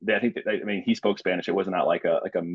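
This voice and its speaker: A young man from Illinois, a podcast guest, telling a story in animated, casual chat. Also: sits low, rapid-fire, husky, no room sound. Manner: animated, acts out quoted voices. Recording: slightly muffled, dry recording.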